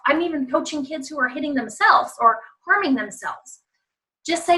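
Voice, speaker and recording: A woman's voice: a little high, moderate pace, a bit bright, recorded from a distance, poor audio. A woman giving an online parenting talk with slides over a video call, emphatic and repetitive, speaking straight to parents. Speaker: parenting coach.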